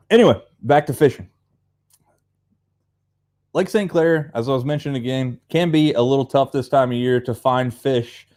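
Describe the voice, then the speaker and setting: A man's voice: mid-range voice, a little mellow. A young man with an Appalachian accent hosting a live fishing stream, chatting casually in a rambling way and greeting viewers by name. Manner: rambling and chatty, reads viewer comments aloud. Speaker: livestream host.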